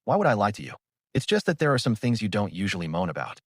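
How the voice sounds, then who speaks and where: A man's voice: fairly low pitch, big pitch swings, quick pace, no echo, studio quality. Teasing young woman, voiced by a man. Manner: sweet and playful.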